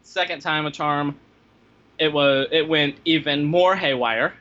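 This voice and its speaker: A man tells pet-sitting stories in a casual chat, acting out his own past reactions with animated energy. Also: a little high, a little slow. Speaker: podcast guest telling pet-sitting stories. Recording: slightly dull lo-fi sound.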